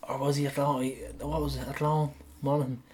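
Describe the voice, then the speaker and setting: Irish man, podcast co-host, laughing storyteller, mid-pitched. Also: level tone, brisk, a little mellow. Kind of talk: casual chat.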